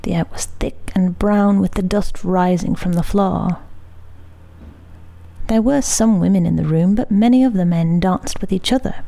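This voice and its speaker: A woman reading a story aloud in a soft, hushed narrating voice. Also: fairly low pitch, normal speed, gravelly. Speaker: reader.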